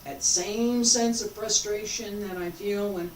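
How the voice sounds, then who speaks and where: A woman teaching a qigong class, guiding breath and movement with slow, coaxing, drawn-out phrases and long pauses. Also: medium pitch, fairly even intonation, slight background noise. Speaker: qigong instructor. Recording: roomy sound from a distant mic.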